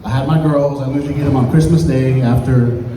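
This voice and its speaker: A man in his thirties doing an open mic stand-up set, telling stories and acting out quotes with big jumps in pitch. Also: fairly even intonation, fairly quick, warm tone. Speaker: stand-up comedian. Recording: echoey hall from far off, faint room noise.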